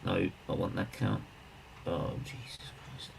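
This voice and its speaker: A man's voice: low-pitched, steady tone, measured pace, gravelly, heavy background noise. A man hosting a charity live stream, chatting casually with viewers, rambling and restarting his sentences as he greets people and banters.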